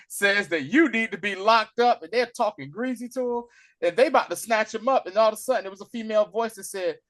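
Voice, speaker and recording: Animated man retelling a show. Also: high voice, fairly quick. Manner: animated retelling, acts out the characters' lines in slangy talk. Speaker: podcast co-host recapping a TV episode. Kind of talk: casual chat.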